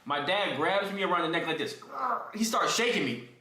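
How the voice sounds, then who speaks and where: A man's voice: a little high, animated, normal speed, sharp tone, echoey room. A young man streaming, casually telling a story to his chat in slang and talking straight to his viewers. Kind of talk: animated storytelling to a live chat.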